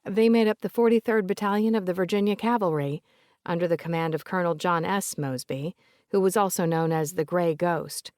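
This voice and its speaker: A woman's voice: on the low side, brisk, darkish tone, no echo. Woman narrating an audiobook, dry and close.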